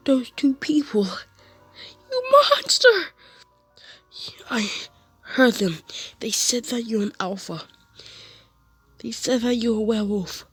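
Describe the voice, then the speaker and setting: Bakugo, a woman doing a shrill stammering teen boy. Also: breathy edge, no echo, full character voice. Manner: stammering, accusing, shrill outbursts. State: congested from a cold. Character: panicking furious teen boy rival.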